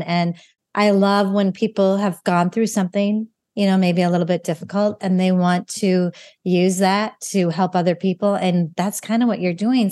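A woman's voice: mid-range voice, darkish tone. A middle-aged woman hosting a podcast interview from her barn over a video call, gushing and enthusiastic as she welcomes her guest. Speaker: podcast host.

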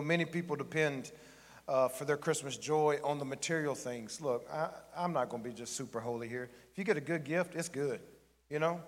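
Joking pastor preaching in an echoing hall. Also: male voice, fairly high pitch, a bit bright. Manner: joking, conversational preaching with the congregation. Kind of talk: sermon. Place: church sanctuary.

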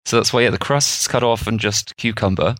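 A man's voice: on the low side, fairly quick, fairly bright tone, no echo, clean studio sound. A man, co-hosting a podcast and explaining food history in a rambling, chatty way. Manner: rambling, chatty storytelling with fillers. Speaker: podcast co-host. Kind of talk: casual explanatory chat.

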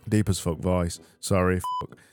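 A man's voice: low voice, level tone, normal speed, over loud music. A man from Britain hosting a comedic solo podcast, rambling and sardonic as he reads listener messages. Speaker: podcast host.

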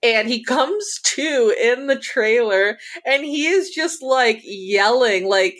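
Woman recapping in animated chat. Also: on the high side, takes it slowly. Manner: animated retelling with quoted lines and laughs. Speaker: podcast co-host.

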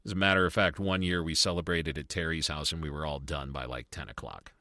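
A middle-aged man co-hosting a casual review podcast, telling stories in an animated, chatty way. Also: extremely low pitch, fast talker, no room sound, clean studio sound. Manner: animated, tells stories with lively asides. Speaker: podcast co-host. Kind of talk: casual chat.

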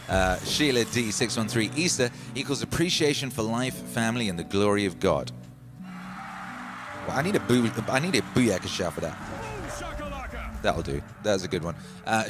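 Man, livestream host, reading chat aloud, playful and loose, mid-pitched voice, music playing underneath. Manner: loose, playful, swings from loud hype to hushed musing.

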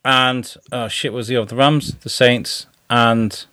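A man's voice: medium pitch, steady tone, measured pace, bright, forceful tone, no room sound. A man, chatting loosely on a podcast, swearing and laughing as he rambles. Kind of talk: casual podcast chat.

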